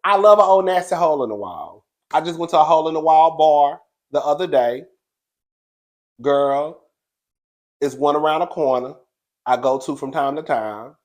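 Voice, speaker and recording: Speaking at a moderate pace in a fairly high voice, the man hosts a recap of a reality show. His casual gossip commentary is brash, sassy, and full of profanity and laughter.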